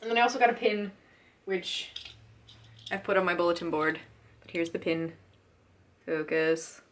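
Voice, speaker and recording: A woman book vlogger chatting casually to camera, giggly and gushing with fan excitement. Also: lowish voice, normal speed.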